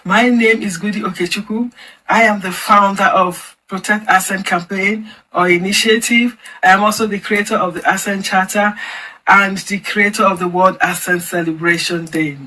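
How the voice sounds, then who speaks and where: A woman hosting a formal online celebration event, announcing each part in a measured, deliberate way. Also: mid-range voice, fairly even intonation, sharp tone, a little hiss or hum, low-quality recording. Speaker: event host and campaign founder.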